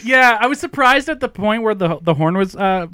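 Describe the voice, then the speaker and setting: A man's voice: high voice, expressive, moderate pace, sharp tone, clear, resonant tone, dry recording, clean studio sound. A man chatting casually, telling a story with lots of hesitations. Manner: hesitant storyteller with many uhs. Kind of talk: casual chat.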